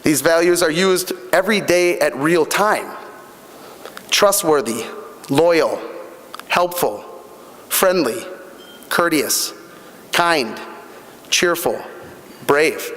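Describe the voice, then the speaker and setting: A man's voice: fairly high pitch, expressive, takes it slowly, long pauses, fairly bright tone, slight background noise. A middle-aged man giving a motivational speech at a fundraising breakfast, telling personal stories earnestly, with fillers and repeats. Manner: earnest storytelling, repeats himself, many fillers. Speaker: guest speaker at a fundraising breakfast. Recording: long hall reverb.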